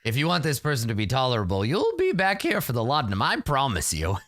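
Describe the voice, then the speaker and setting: Casting: man playing a cranky old hermit wizard, lively swinging delivery, dry close sound. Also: medium pitch, fast talker, no room sound. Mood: warning. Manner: cranky, shouting at his dog. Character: grumpy old male hermit wizard, foul-mouthed.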